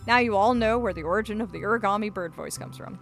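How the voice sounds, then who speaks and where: A woman's voice: medium pitch, fast talker, gravelly, fairly bright tone. A woman streaming a game live, chatting playfully and reading game lines aloud as she plays. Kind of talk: live gameplay commentary. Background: game music.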